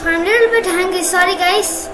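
A woman giving casual gameplay commentary as a streamer, excitable and apologetic, with sudden bursts of shouting. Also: very high-pitched, a little fast, over music. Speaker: mobile game streamer. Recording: echoey room, loud background noise. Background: loud ongoing noise and clicks.

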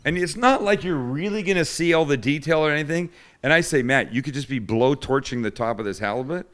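A man's voice: on the high side, animated, a little fast, a bit bright. A man hosting a cooking show, telling stories in casual chat and poking fun at his friends. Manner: joking storyteller, does voices of others.

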